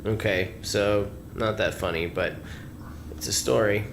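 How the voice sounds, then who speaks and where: A man's voice: lowish voice, fairly even intonation, unhurried, background noise. An actor playing a bored, sarcastic male robot assistant with a teenage attitude in a video game, who trails off dismissively.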